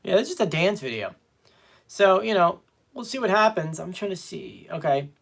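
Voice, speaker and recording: A man hosts a fan live stream from home, talking loosely and reading viewer comments aloud. His pitch swings around a lot as he chats. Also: moderate pace, vocal fry. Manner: chatty, reads viewer comments aloud, animated. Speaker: fan show host. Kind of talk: casual live-stream chat.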